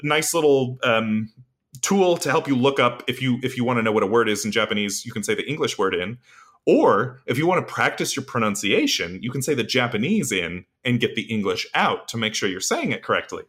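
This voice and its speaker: A man with a bright, forceful voice co-hosts a loose, casual podcast. He rambles and fills his talk with "uh" and "um" while he explains language basics. His pitch sits in an ordinary middle range. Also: animated, brisk. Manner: rambling, filler-heavy, explains Japanese basics. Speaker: podcast co-host.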